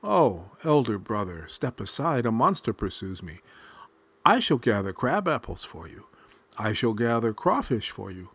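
A man's voice: fairly low pitch, big pitch swings, a bit bright, husky, no echo, exaggerated voice. A man voicing a small, clever male raccoon trickster in a spoken folk tale, sly and pleading by turns. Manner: pleading, quick-witted.

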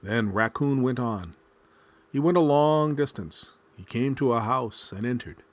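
A man reading a folk tale aloud in a measured, expressive storytelling manner. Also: medium pitch.

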